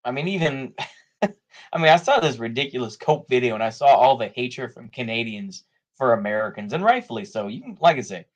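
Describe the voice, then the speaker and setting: A man's voice: medium pitch, very animated, a little fast, muffled recording. A man talking casually in rambling political commentary, full of "you know" fillers and frequent laughs.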